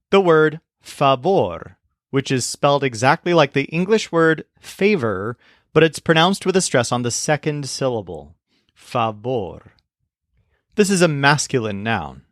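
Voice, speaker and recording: A man narrating a scripted language lesson, explaining clearly and slowing down to model example phrases. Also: on the high side, sing-song, dry recording, studio quality. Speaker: language teacher.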